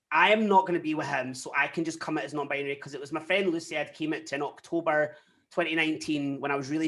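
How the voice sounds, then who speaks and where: Fast-talking candid Scottish guest. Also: male voice, on the high side. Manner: candid, animated storytelling with frequent quoted asides. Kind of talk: casual interview chat.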